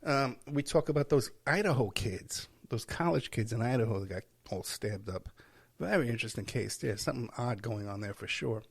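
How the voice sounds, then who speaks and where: A tired man talks alone into his podcast mic from home, his voice gravelly with fry. He drifts from one thought to the next, restarting sentences and laughing at his own stories, always at an everyday pitch. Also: expressive, normal speed. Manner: rambling, self-interrupting, with chuckles. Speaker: podcast host. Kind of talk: casual solo podcast monologue. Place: at home while packing.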